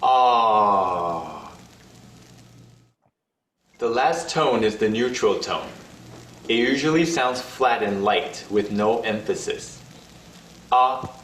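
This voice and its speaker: A man giving scripted instructions in a language lesson, demonstrating each sound with slow, drawn-out vowels. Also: medium pitch, a little hiss or hum. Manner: slow, carefully paced delivery with sung and held vowel demonstrations. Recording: roomy, distant-sounding recorded video.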